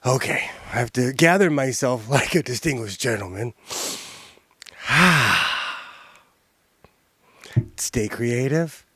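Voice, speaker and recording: A man's voice: medium pitch, lively intonation, measured pace, pushed and bright, slightly rough, no room sound, studio quality. A man vlogging casually from his home sewing room, showing off his makes and often breaking into laughter. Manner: giggly, keeps breaking into laughter. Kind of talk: casual show-and-tell vlog.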